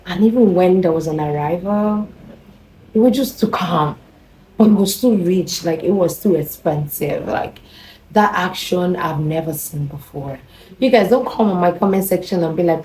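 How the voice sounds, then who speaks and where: A woman's voice: lowish voice, normal speed, dark tone, echoey room, slight background noise, poor audio. A young woman with a Nigerian accent telling a story in a chatty, confiding vlog style, often repeating herself. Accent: Nigerian English. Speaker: vlogger. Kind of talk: casual storytelling to camera.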